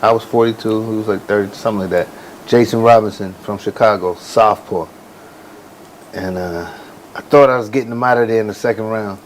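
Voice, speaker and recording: A man in his forties, a boxer and ring announcer, telling stories in a casual interview with relaxed slang. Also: lowish voice, a little fast, a little hiss or hum, low-quality recording. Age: 40s.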